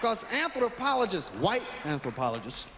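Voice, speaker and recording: Male comic, fairly high voice, reflective and profane, echoing hall, faint hiss. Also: huge pitch swings, moderate pace. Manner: earnest, reflective, profane storytelling. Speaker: stand-up comedian. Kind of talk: stand-up comedy monologue.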